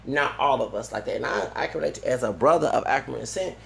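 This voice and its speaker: A man with a heavily gravelly voice talks on in a digressive, loose monologue. He keeps restarting his sentences and tacking on "okay?" as he goes. The sound is roomy and echoey, with faint ambience underneath. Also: mid-range voice, lively intonation, fast, slight background noise. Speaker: vlogger. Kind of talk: rambling monologue.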